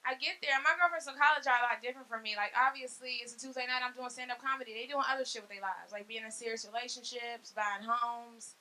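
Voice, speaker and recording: A woman in her thirties doing a stand-up comedy set on a club stage, brash and profane with loud punchlines. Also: on the high side, steady tone, fast talker, hardly any pauses. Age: 30s. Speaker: stand-up comic.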